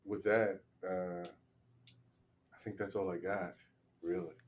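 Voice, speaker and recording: A comedian making a rambling, casual case on a podcast, often asking "you know what I mean?". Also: male voice, low voice, flat delivery, slow, muffled recording, slight background noise. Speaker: comedian defending a film.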